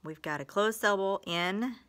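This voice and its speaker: A woman's voice: medium pitch, normal speed, a bit bright. A woman teaching phonics in a recorded lesson, patient, stretching out example words and sentences.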